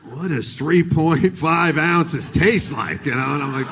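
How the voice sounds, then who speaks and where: A man's voice: a little high, animated, a little slow, few pauses, background noise. A middle-aged man doing a stand-up comedy set on stage, telling a story with acted-out voices. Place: live comedy stage with audience.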